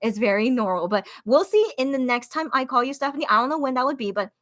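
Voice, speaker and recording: A young woman hosting a casual livestream, reading viewer comments aloud in a chatty, upbeat way with lots of fillers and sudden high excited bursts. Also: quick pace. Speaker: livestream radio-style host.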